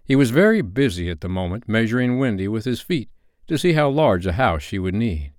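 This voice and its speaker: A man reading a classic novel aloud as a bedtime story in an expressive, animated way. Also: on the low side, fairly quick, dry recording, clean studio sound.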